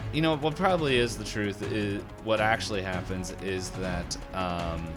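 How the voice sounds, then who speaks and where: A man running a tabletop horror game as game master, chatting casually with his players and laughing often. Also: on the low side. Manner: laughs often, relaxed and joking. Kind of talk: casual chat and game narration.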